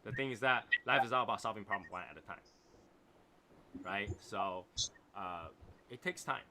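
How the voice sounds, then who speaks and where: A man's voice: fairly low pitch, moderate pace, background noise. A man with a non-native English accent hosting a casual livestream chat, reading viewer comments and reflecting in a rambling way, often asking "right?". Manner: reflective, rambling, repeats phrases and asks "right?". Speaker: host of a cigar livestream.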